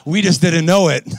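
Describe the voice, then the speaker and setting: High-voiced preacher man, dry close mic. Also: creaky, dry recording. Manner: animated, exhorting, calls to the crowd. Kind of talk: energetic sermon.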